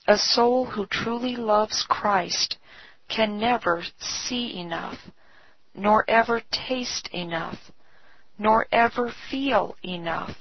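A woman giving a scripted devotional reading with measured, deliberate phrasing, on a dull, slightly lo-fi recording. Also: medium pitch, breathy edge, no echo. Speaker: devotional reader.

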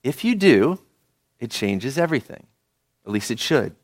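A man's voice: medium pitch, very animated, normal speed. A male pastor giving a conversational sermon, often asking the congregation questions.

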